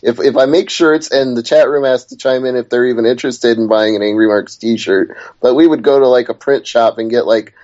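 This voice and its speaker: A man's voice: medium pitch, a little mellow. A man co-hosting a casual wrestling podcast, chatty and steering the talk back to the topic. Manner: chatty, wanders off topic then reins it back. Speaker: podcast co-host. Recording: dull lo-fi podcast audio.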